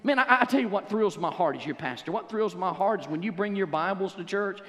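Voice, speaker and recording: A male preacher with a bright, ringing voice that swings widely up and down as he tells his stories and breaks into exuberant shouts. His sermon carries through a church sanctuary, trailing a long reverb. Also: sits high, a little fast. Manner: animated storytelling preacher, bursts into exuberant shouts. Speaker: pastor.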